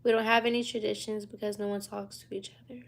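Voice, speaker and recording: A sleepy young woman in her twenties chats on a late-night livestream. Her voice has a gravelly, fry-heavy edge at an ordinary middle pitch. She reads out viewer questions and answers them in an easy, slangy drawl, yawning her way through. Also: level tone, fast talker. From United States. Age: 20s. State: tired and yawning. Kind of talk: casual livestream chat. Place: hotel room at night.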